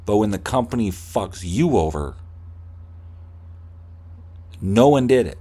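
A man's voice: lowish voice, lively intonation, slow pace, long pauses, warm tone, slightly rough. A man hosting a podcast, ranting with heavy swearing and slipping into mocking voices of corporate staff. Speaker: podcast host. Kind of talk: profane comedic rant.

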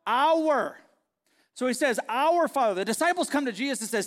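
A man pastor delivering a sermon, moving between loud emphatic preaching and quiet conversational asides. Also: extremely high pitch, expressive, moderate pace, long reverb tail. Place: church auditorium.

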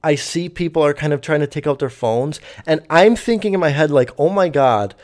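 A man's voice: a little high, lively intonation, a little fast, a little mellow. A young man telling a story casually, rambling and swearing with lots of fillers. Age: young adult. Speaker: vlogger.

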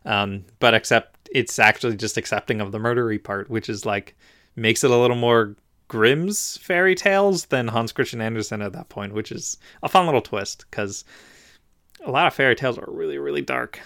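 A man co-hosting a podcast, chatting in an animated, jokey way with many fillers. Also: medium pitch, normal speed, vocal fry. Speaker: podcast co-host. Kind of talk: casual chat.

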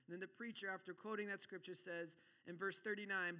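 A man preaching a sermon to his church as pastor, swinging between loud declarations and quiet, low asides, and reading scripture slowly. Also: little pitch movement. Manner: reads scripture aloud slowly and deliberately.

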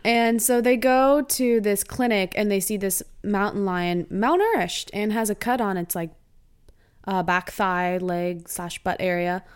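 A woman's voice: medium pitch, measured pace, smooth. A woman co-hosting a podcast, casually and animatedly recapping a TV episode with laughter. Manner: animated, laughs while retelling. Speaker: podcast co-host.

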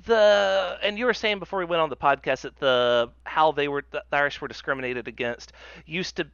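Male podcast co-host from the US; casual, dry delivery, bright voice through a dull lo-fi mic. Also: on the high side, a little fast, gravelly, clean tone, dry recording. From United States. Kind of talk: casual chat.

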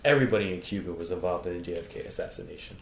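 A man co-hosting a comedy podcast, feeding deadpan leading questions in a joking chat. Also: sits low, rapid-fire, gravelly, slight background noise. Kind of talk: joking conversational banter. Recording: roomy echo.

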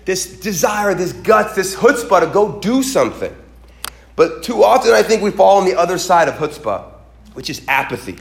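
A man's voice: high-pitched, normal speed, creaky, reverberant. A male pastor giving a sermon, telling stories with quoted voices and building to emphatic peaks. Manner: animated storytelling, voices quoted characters, rises to emphatic peaks.

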